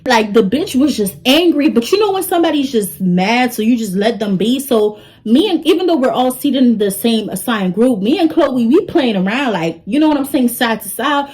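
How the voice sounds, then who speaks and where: Young woman, storytime vlogger, lively delivery, slightly high voice. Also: moderate pace, hardly any pauses, rough recording. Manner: animated, talks straight to the audience. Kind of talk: storytime vlog.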